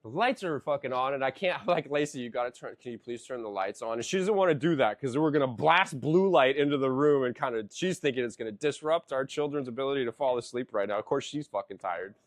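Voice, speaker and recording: A man's voice: mid-range voice, fast, few pauses, no echo. A man in his thirties in casual podcast chat, a rambling storyteller who swears a lot and keeps saying "dude".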